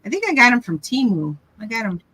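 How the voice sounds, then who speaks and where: A woman's voice: on the high side, sing-song, quick pace, sharp tone, breathy edge, no room sound, low-quality recording. An older woman hosting a casual craft chat, telling rambling family stories with lots of restarts. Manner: chatty, rambling storyteller with frequent restarts. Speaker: craft live stream host.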